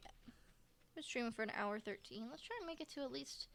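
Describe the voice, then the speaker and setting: A woman's voice: on the high side, animated, moderate pace, gravelly, a bit bright. A woman streaming a farming game, chatting casually and joking as she plays. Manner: chatty, reads character lines aloud, jokey. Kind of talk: casual gameplay commentary. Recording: faint music behind.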